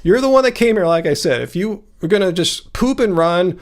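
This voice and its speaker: Male livestream host, fairly high voice, confrontational, demanding answers in a casual debate. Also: expressive, brisk. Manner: confrontational, pressing a commenter for answers. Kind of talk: casual live-stream debate.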